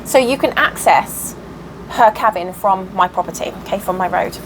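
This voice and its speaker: A woman's voice: medium pitch, normal speed, noisy background. A woman vlogger at home telling a long story in a chatty, rambling way, full of fillers and restarts. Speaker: cross stitch vlogger. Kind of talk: casual storytelling vlog. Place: at home by an open window.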